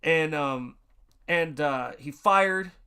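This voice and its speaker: A man's voice: on the high side, very slow, sharp tone, smooth. Tennessee-raised guy rambling on his art livestream, chatty, says hi to chat. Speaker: livestreaming artist.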